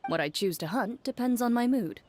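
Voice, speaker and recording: A woman voicing a calm, reserved woman in a game who speaks in a level, matter-of-fact way. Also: a little high, fairly quick, noisy background, natural voice. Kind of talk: game voice acting.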